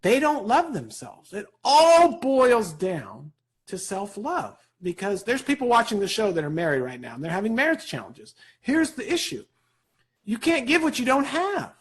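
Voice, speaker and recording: A man speaking as a guest in an interview, giving an energetic motivational talk, animated and rapid, with a husky voice. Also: sits high. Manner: animated, rapid, peppered with "right?".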